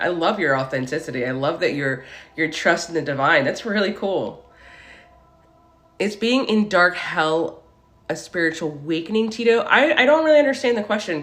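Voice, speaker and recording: A woman in her forties hosting a casual spiritual live stream. She chats excitedly, tells stories and greets viewers as she goes. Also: low-pitched, brisk. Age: 40s. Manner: chatty, greets and thanks viewers as she talks.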